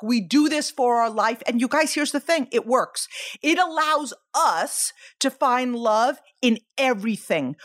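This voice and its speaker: A high-pitched woman in her forties delivers a motivational podcast monologue. She is emphatic and energetic, firing off rhetorical questions and checking in with her listeners as she goes. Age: 40s. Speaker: podcast host.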